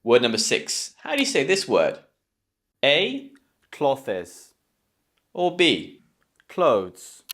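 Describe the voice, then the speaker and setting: A British man with a British English accent, teaching English pronunciation to camera and slowly repeating words clearly. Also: fairly high pitch, huge pitch swings, sharp tone. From Britain.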